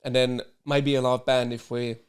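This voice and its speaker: A man hosting a podcast, in relaxed, sweary chat with laughter. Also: medium pitch, normal speed, clear, resonant tone. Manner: laid-back, laughing, swearing banter. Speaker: podcast host. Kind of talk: casual chat.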